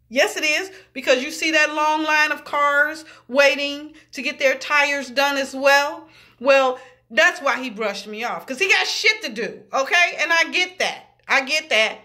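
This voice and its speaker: Fired up woman venting, cussing a lot, high voice, acting out the other guys lines. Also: pushed and bright. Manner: heated, swearing freely, quoting people in voices. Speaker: vlogger. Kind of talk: angry storytelling rant.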